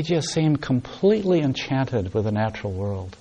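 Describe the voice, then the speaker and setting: A man giving a meditation retreat talk, telling a story in a soft, unhurried way. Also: mid-range voice, very animated, husky. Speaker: meditation teacher.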